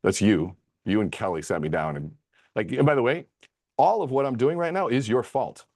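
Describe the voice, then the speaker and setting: A man speaking as an interview guest, telling stories in an excited, animated way. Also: medium pitch, moderate pace, no room sound, studio quality. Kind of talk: conversational interview.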